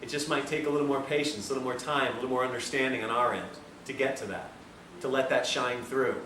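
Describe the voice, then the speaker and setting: A man giving a health lecture, telling a story with a lively, self-mocking manner to a room of listeners. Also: medium pitch, quick pace. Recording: roomy, distant mic, faint hiss.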